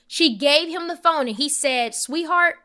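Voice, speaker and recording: As a podcast guest, a young woman shares an emotional personal story with animated emphasis, acting out the voices of the people involved. She has a high voice and talks at a normal speed.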